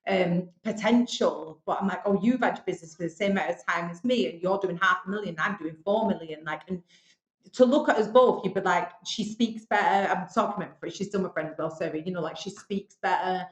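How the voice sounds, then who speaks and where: A woman's voice: fairly low pitch, a little fast. A woman from Bolton with a Northern English accent, a podcast guest telling stories frankly and chattily, with some swearing. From Bolton, England. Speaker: podcast guest, business owner. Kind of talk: casual interview storytelling. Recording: roomy echo.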